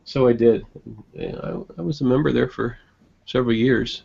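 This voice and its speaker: A man chatting casually in an online group hangout, rambling with many restarts and quick chuckles. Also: medium pitch, gravelly, darkish tone, breathy edge. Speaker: online hangout participant and blogger. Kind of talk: casual group video chat. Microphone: computer mic on a video call. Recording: muffled lo-fi call audio.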